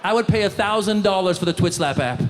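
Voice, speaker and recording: Male standup comic, high voice, mocking, live hall echo, faint room noise. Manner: quick, mocking, talks straight to the crowd. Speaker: stand-up comedian. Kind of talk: stand-up comedy set. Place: live comedy stage before an audience.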